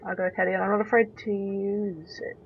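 Woman, young adult, horror let's play commentary, mid-pitched, swears and mutters to herself. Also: level tone, fairly quick, dull audio, slight background noise. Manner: talks to herself, swears, jumpy and exclaiming.

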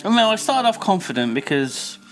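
A man hosting a let's play, reading a story game aloud with playful, jokey commentary and hushed mock narration. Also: high voice, sing-song, a little fast, faint music behind.

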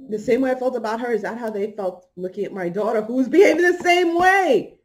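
With a slightly high, expressive voice and a fairly quick pace, a middle-aged woman hosting a podcast recounts a personal story casually. She laughs often and plays out the people she quotes.

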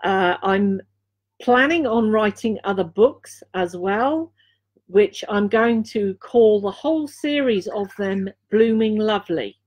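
A woman's voice: mid-range voice, lively intonation, darkish tone. Earnest woman giving an intuitive reading. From Dorset, England. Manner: earnest, repeats key phrases, frequent filler pauses. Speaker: intuitive reader and healer. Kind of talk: live intuitive card reading.

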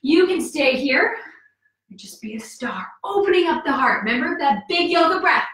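A woman's voice: high voice, expressive, moderate pace, a bit bright. A woman teaching a yoga class for kids, coaxing and cheerful, counting moves aloud and a little out of breath. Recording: echoey room, voice from far off.

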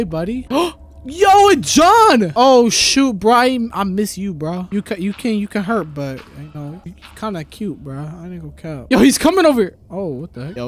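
Jumpy young man gaming, slangy. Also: sits high. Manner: jumpy, exclaiming, slangy, gasps and rambles. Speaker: gaming video creator. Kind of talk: casual gameplay commentary.

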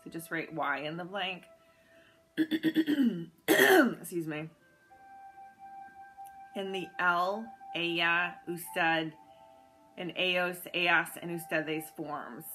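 A woman's voice: fairly low pitch, animated, extremely slow, pauses often, sharp tone, faint music behind, poor audio. A woman teaching a Spanish grammar lesson, patiently spelling words out letter by letter, with some fillers and self-corrections. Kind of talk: guided notes lesson.

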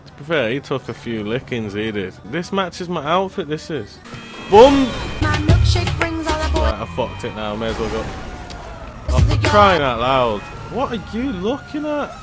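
A young man with a London accent commentates on a game in slangy banter, swinging from low muttering to shouted excitement. Music plays under his voice. His pitch sits in a middle range. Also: normal speed. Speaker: gaming YouTuber. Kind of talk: casual gameplay commentary. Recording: music playing behind the voice.

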